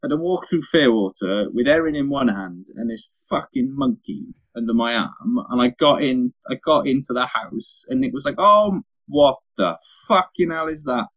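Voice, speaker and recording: A man's voice: medium pitch, moderate pace, few pauses, muffled recording. A young father, telling stories in a casual podcast chat, swearing freely. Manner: sweary, animated anecdote teller.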